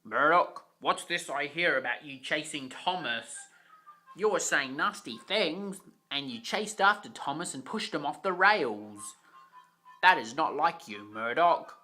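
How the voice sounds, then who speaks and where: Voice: mid-range voice, expressive, a little slow, sharp tone, faint music behind. A reader voicing a stern, pompous railway boss who scolds severely, in an amateur storybook reading. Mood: scolding.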